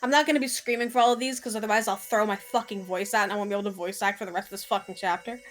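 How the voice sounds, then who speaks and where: A woman's voice: mid-range voice, fairly even intonation, very fast, faint music behind. A woman streamer making casual, chatty asides, with some swearing, while reading a visual novel. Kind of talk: casual chat.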